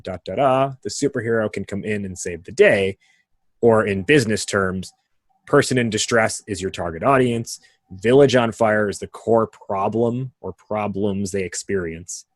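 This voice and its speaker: A man hosting a podcast, talking casually as he works through ideas with colorful examples. His voice sits low. The sound is dry and close, with little room around it. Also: dry recording. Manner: animated explainer with vivid analogies and frequent tag questions. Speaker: podcast host.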